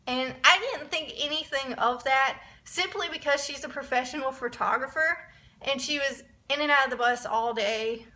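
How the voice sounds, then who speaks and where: A young woman telling a rambling, excitable story in a casual vlog, often restarting her sentences. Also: high voice, normal speed. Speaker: vlogger.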